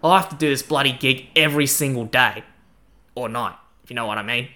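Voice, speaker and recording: A man voicing a cheery, slangy male night watchman from an old Chinese city, speaking loudly and casually. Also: medium pitch, brisk, close to an everyday voice. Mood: wry, weary. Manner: loud, matey, casual, full of slang.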